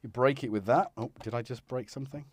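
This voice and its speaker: A man hosts a live stream while repairing a synthesizer, talking casually at medium pitch and a quick pace, muttering to himself mid-task and tossing in self-deprecating asides. Slight background noise is present, and his wireless mic drops out when he moves out of range.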